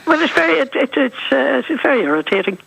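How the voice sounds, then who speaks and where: A woman's voice: high-pitched, big pitch swings, quick pace, vocal fry, fairly bright tone, breathy edge. An older woman from Northern Ireland with a Northern Irish accent, phoning in to a radio talk show, indignant and emphatic. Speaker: caller. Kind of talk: radio phone-in. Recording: phone line.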